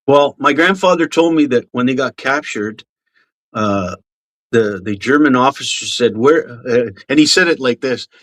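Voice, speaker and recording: A man in casual conversation, talking in a relaxed, halting way with fillers. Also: mid-range voice, rough recording. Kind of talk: casual chat.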